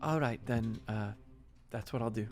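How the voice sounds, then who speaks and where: A man's voice: medium pitch, moderate pace, soft background music. Casual man narrating a tabletop game. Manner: loose, casual, with many fillers. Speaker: game master.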